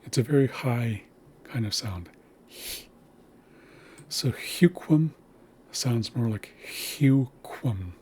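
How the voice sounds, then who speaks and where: A man's voice: mid-range voice, slow, pauses often, a little mellow, a little hiss or hum. A man teaching a language lesson, patiently spelling out sounds and words.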